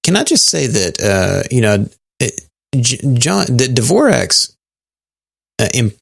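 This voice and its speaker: A man co-hosting a podcast in casual chat, talking in a halting way with many fillers and restarts. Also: mid-range voice, sing-song, gravelly, husky, no echo, studio quality. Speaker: podcast co-host.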